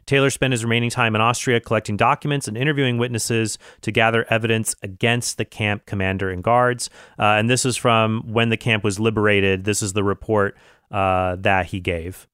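Clear-voiced man commenting on a film. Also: fairly low pitch, fairly even intonation, a little fast, fairly bright tone, dry recording, studio quality. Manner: thoughtful, with fillers and self-corrections. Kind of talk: casual video commentary.

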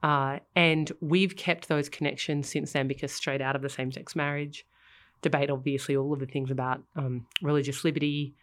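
A woman with an Australian accent, a pro-life leader who is a guest on a radio show, answering a caller in a measured, frank way. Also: deep voice, steady tone.

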